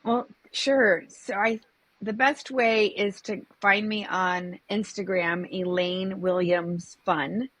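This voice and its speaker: A woman's voice: mid-range voice, fairly even intonation, slow, a bit bright. A woman guest, a comedian and presentation coach, speaking in an upbeat, enthusiastic way in a casual interview.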